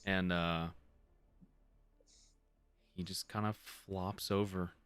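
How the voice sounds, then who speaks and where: A man running a tabletop game as game master, talking casually in halting phrases with restarts and quick laughs. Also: deep voice, level tone, fairly bright tone, clean tone.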